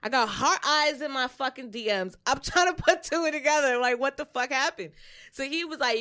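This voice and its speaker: A woman's voice: sits high, normal speed. A young woman co-hosting a podcast, telling a personal story in casual, profane chat and acting out other people's lines. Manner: profane, animated, acts out quotes. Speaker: podcast co-host.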